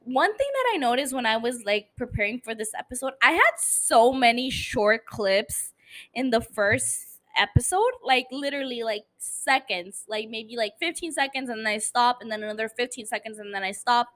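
A tipsy woman with a non-native English accent, hosting a podcast in a blunt, profane, animated casual monologue. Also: on the high side, normal speed. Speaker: podcast host.

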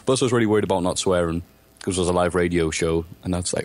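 A man's voice: sits low, rapid-fire. A man who is a podcast guest, talking in a rambling storytelling way and acting out the voices of the people he quotes. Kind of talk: casual podcast chat.

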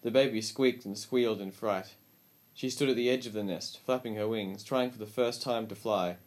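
A man reading a story aloud as an audiobook narrator, with calm, measured storytelling. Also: on the low side.

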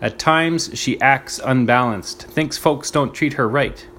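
A man's voice: mid-range voice, slow, fairly bright tone, a little hiss or hum. A man reading aloud, voicing a crafty middle-aged guardian who barks angrily and then turns falsely pleasant. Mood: gruff.

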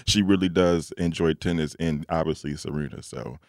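A man's voice: rumbling low, normal speed, no room sound, clean studio sound. A man co-hosting a casual chat, telling a story with lots of acted-out quoted dialogue. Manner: animated storyteller who acts out quoted dialogue.

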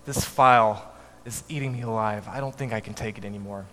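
Man recounting gentle old southern grandma, soft sweet drawl, long hall echo. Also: on the low side, brisk, close to an everyday voice. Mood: weary, earnest. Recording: echoey hall, faint background noise.

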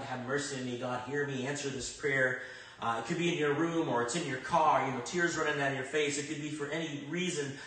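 A man preaching a sermon in a conversational way, swinging between loud emphatic bursts and quiet reflective stretches. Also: mid-range voice, distant mic. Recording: very echoey room, speaker off-mic.

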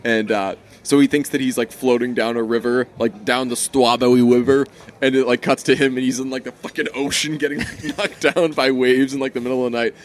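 A man's voice: medium pitch, brisk, hardly any pauses. Profane, rambling man on a podcast. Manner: profane, rambling, animated storyteller. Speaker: podcast co-host. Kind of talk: casual chat.

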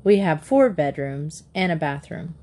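Woman doing a firm, hurried father. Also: low voice, animated, dark tone. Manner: firm and brisk.

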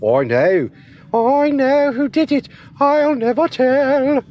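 A man doing a shrill, teasing Scottish woman. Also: lively intonation, slow, highs cut off, slight background noise, heavily acted. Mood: taunting. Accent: put-on Scottish. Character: wild-voiced Scottish woman wrestler, teasing. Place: inside a car.

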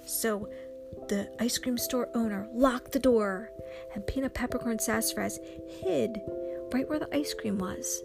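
A woman with a slightly high voice tells an improvised children's story at an unhurried pace. She is expressive and acts out booms and gasps as she goes. Clear music plays behind her throughout. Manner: slow and expressive, with sound effects and gasps.

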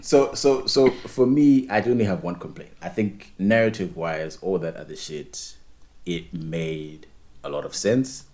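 A man with a deep, slightly mellow voice co-hosts a podcast, talking in an unhurried way. His casual chat rambles, and he repeats words as he restarts his thoughts.

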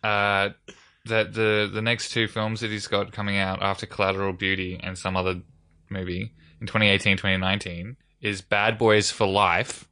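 A man with a lowish but bright, forceful voice, trading wry remarks as a film podcast co-host. The sound is close and dry, with no room around it. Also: level tone, moderate pace, clear, resonant tone, no echo. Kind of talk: casual chat about films.

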